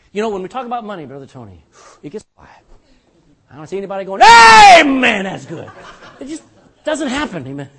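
An older male pastor preaching in a husky, fairly high voice. His pitch swings widely as he works the room with jokes and rhetorical questions. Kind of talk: sermon.

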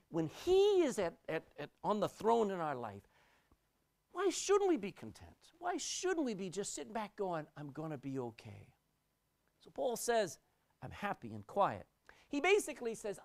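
Animated woman preaching a sermon. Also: medium pitch. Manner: expressive, rising and dropping sharply for emphasis; repeats words when restarting.

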